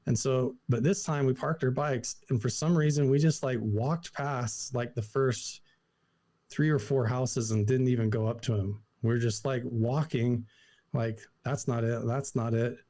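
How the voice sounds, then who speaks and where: Young adult man from Idaho, podcast guest; mellow, relaxed voice, casual animated storytelling. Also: mid-range voice, measured pace. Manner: animated, lots of "like" fillers, acts out quotes.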